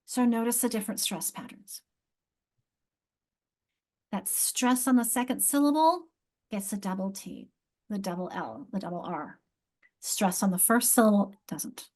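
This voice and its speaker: A woman instructor teaching other teachers, thinking aloud and sounding out words slowly, repeating each one. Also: medium pitch, warm tone. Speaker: literacy instructor.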